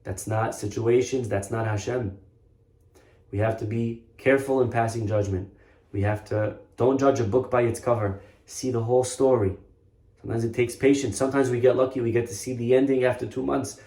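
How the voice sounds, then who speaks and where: A man's voice: medium pitch, fairly even intonation, moderate pace, dark tone. A man, a rabbi, giving a storytelling sermon in an earnest way, stressing points by repeating himself. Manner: earnest storytelling with emphatic repetition. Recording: roomy echo.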